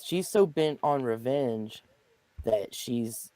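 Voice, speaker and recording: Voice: medium pitch, lively intonation, slow pace, mellow, no room sound. A co-host in a casual discussion show, speaking reflectively and often hedging with "you know". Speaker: podcast co-host.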